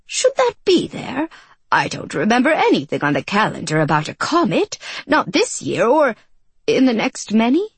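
A man's voice: high-pitched, wildly swooping pitch, normal speed, a bit bright, slightly rough, no room sound, pitched above the performer's own voice, exaggerated voice. A woman reading a storybook voices a cheerful, unflappable male servant who speaks lightly and politely to his master. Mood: amused, polite.

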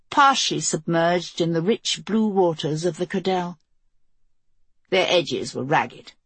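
A woman reading a novel aloud as an audiobook narrator, in measured, even storytelling. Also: on the low side, slightly rough, no echo. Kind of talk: scripted narration.

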